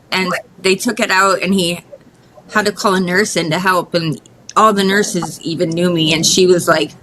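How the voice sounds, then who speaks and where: Woman guest, low-pitched, candid and halting personal storytelling, faint background noise. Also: fairly bright tone, low-quality recording. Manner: candid, emotional, halting with restarts. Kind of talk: casual interview storytelling.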